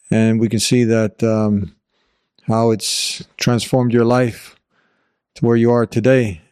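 Male interviewer, hesitant, filler-heavy, mid pitch. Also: a little mellow, dry recording, studio quality. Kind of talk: interview questions.

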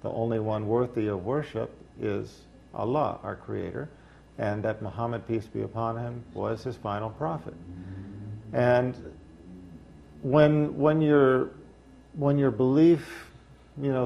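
A man speaking as an interview guest, reflective and unhurried, with dry humor and frequent fillers. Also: medium pitch, gravelly, darkish tone. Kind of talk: casual interview talk.

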